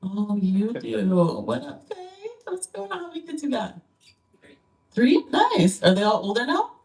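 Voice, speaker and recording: Lively teasing female emcee. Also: fairly high pitch, unhurried, recorded from a distance. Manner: playful teasing banter, laughs often. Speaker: comedy show emcee. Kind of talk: crowd work. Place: comedy club stage.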